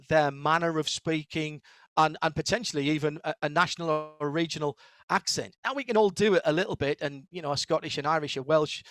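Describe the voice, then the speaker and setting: A middle-aged motorsport commentator from Northeast England, with the accent to match, chats as a guest in a casual interview. He's a fast, animated storyteller who restarts often, and his fairly high voice comes through with no room sound.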